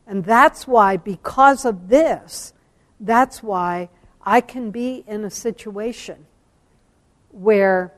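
A religious sister giving an earnest spiritual talk, telling a story with slow, emphatic phrases. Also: female voice, mid-range voice, a little mellow, long reverb tail. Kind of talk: sermon-style talk on scripture.

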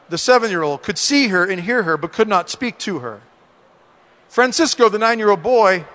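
A man's voice: high voice, sharp tone. A middle-aged man giving an earnest, storytelling talk to a men's gathering, speaking to them directly. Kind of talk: sermon-style testimony. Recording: long hall reverb.

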